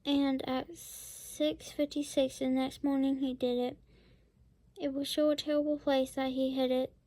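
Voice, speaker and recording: A woman's voice: sits high, little pitch movement, a little slow, dark tone, no echo. A woman reading a rhyming picture book aloud, with whispered asides. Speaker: storybook reader.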